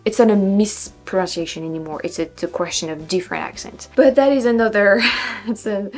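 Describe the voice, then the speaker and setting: Young french woman vlogging in english, french accent, lively, keeps repeating words like questions, faint music under her. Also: mid-range voice, brisk. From France. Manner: animated, repeats words with questioning tone, laughs often. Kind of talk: casual pronunciation practice.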